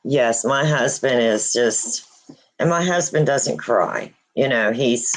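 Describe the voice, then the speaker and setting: A woman hosting a casual livestream, grieving and near tears, speaking haltingly with many pauses and restarts. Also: a bass voice, rough recording. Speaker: host of a paranormal channel.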